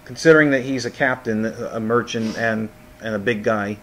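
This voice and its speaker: A man's voice: lowish voice, normal speed, a bit bright. A man narrating as game master of a tabletop game, often repeating words as he goes.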